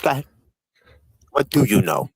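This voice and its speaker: A man hosting a live-stream panel in casual chat. He swears constantly and needles the other guests with rapid-fire questions. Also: medium pitch, big pitch swings, slightly rough, dry recording, rough recording.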